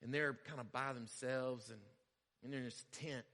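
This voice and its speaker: A male pastor giving a conversational sermon, repeating phrases and building to loud emphasis. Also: medium pitch, steady tone, moderate pace, long reverb tail.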